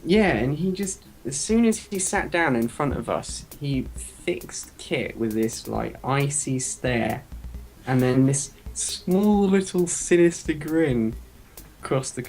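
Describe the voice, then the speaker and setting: A man's voice: fairly high pitch, slow, darkish tone, faint music behind. A young man telling a story in a casual podcast chat, acting out the quotes. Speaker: podcast co-host.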